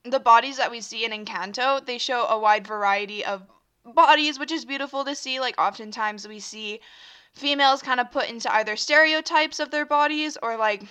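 Bright, forceful, clear, and resonant, her slightly high voice runs at a moderate pace. The young host rambles casually through her solo podcast with the hiccups, filling gaps with fillers and interrupting herself.

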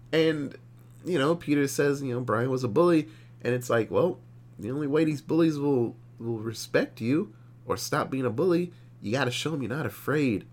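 Man, podcast co-host, casual movie review, animated, swears a lot, wide-ranging pitch. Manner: animated, profane storytelling.

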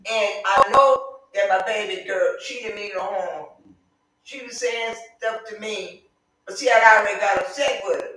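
A middle-aged woman teaches Sunday school in a bright, ringing, mid-range voice, preaching fervently, drifting into chatty stories, and rising to emphatic shouts. She speaks at a moderate pace and is recorded from far away in a very echoey church.

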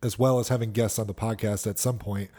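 Man, podcast co-host, low warm voice, easygoing chat with casual swearing. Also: fairly even intonation, a little fast. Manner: laid-back, swears freely.

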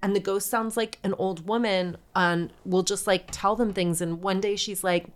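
A woman's voice: medium pitch, steady tone, moderate pace. Chatty, swearing young woman storyteller. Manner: swearing, filler-heavy, jokey. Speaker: podcast co-host. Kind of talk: casual storytelling chat.

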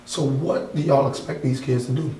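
A man from Wisconsin speaks bluntly and heatedly, swearing freely as he talks. His voice sits at an ordinary middle pitch. The room around him rings with echo, and a faint hum of ambience runs underneath. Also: fairly even intonation, normal speed, mellow. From Wisconsin, USA. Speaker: artist guest. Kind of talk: casual interview. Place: art gallery.

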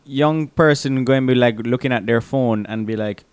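A man's voice: medium pitch, moderate pace, clear, resonant tone, no echo. A man co-hosting a podcast, casually discussing a film and acting out its scenes as he retells them. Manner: animated retelling with acted-out quotes. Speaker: podcast co-host.

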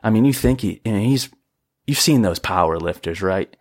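Young male podcast host, husky and dry, lively comic rant that keeps leaping into squeaky outrage. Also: normal speed, no room sound. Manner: exasperated ranting with sudden high-pitched outbursts. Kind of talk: comedic solo podcast rant. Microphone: podcast microphone.

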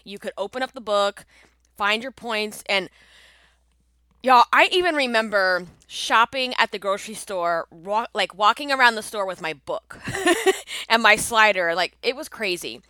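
A congested woman hosts her own casual podcast, chatty and upbeat. Her voice is bright and crisp despite the stuffiness. The recording is dry, with no room sound. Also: medium pitch, animated, moderate pace, dry recording. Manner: chatty, upbeat, laughs often. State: congested from allergies. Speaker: podcast host and coach.

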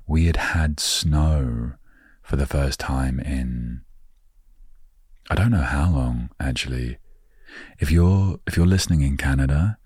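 An Englishman hosting a relaxed storytelling podcast, rambling playfully with jokey asides into a close microphone. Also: a bass voice, slightly rough, no echo. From England. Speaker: podcast host.

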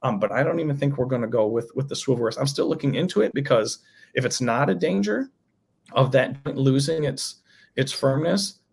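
A man's voice: medium pitch, lively intonation, fairly quick, vocal fry, a little mellow, slightly rough. A man talking casually about his own toy project as a guest, thinking aloud with loose restarts. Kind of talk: casual interview chat.

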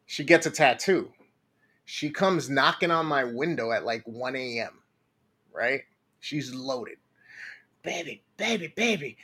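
A man telling an animated story in casual chat, swearing freely and acting out the quotes. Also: mid-range voice, measured pace, slightly rough.

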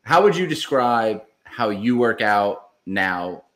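A man's voice: fairly low pitch, expressive, takes it slowly, a bit bright. A man hosting a podcast in an easygoing casual interview, steering the talk. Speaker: podcast host.

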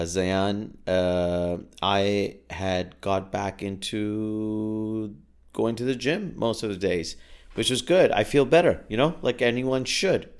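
Male podcast host, lowish voice, rambling solo monologue, self-deprecating, stumbles and restarts. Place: podcast booth.

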